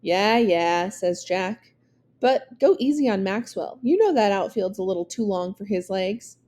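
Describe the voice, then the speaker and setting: A woman voicing a cocky young boy pitcher who trades playful trash talk, in a storybook read-aloud. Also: animated, unhurried, darkish tone, natural voice. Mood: teasing. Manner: teasing.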